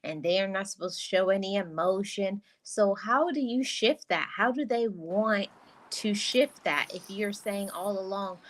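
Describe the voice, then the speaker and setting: A woman's voice: medium pitch, measured pace. A woman hosting a podcast and talking in a casual, earnest way. She often repeats her first words before a thought gets going. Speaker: podcast host.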